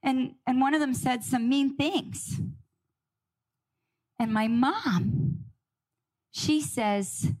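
Slow, high-voiced woman telling a story. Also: darkish tone. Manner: slow, dramatic pauses, emotional storytelling. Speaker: guest speaker. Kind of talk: personal storytelling.

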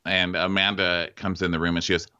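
A man's voice: low voice, level tone, a little fast, sharp tone, smooth, lo-fi sound. A man co-hosting a podcast over a video call, recapping the show casually with dry jokes. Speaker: podcast co-host. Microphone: remote video call.

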